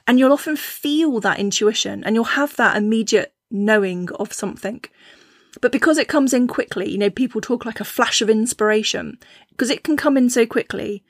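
A woman hosting a casual talk on intuition, chatty, with lively quoted voices and frequent restarts. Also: a little high, dry recording, studio quality. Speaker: podcast host.

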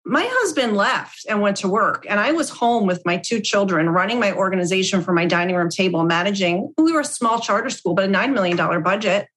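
A middle-aged woman hosts a casual podcast interview. She talks in an animated, chatty way, laughing as she tells stories. Her voice sits at an ordinary middle pitch. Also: fairly quick, few pauses. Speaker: podcast host.

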